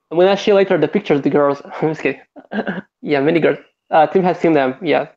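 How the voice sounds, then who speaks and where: A man's voice: a little high, brisk, darkish tone. A man from Brazil with a Brazilian Portuguese accent, joking and repeating himself in a casual online chat. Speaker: co-host. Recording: muffled lo-fi call audio.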